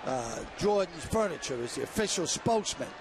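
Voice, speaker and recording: A man joking and rambling excitedly as a guest commentator during a baseball broadcast. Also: fairly high pitch, brisk, crowd noise.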